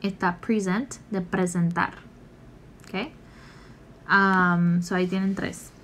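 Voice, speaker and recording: Slow, patient woman teacher. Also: lowish voice, fairly even intonation, fairly bright tone, a little hiss or hum. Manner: slow, patient step-by-step explaining. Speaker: English teacher. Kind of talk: recorded class lesson.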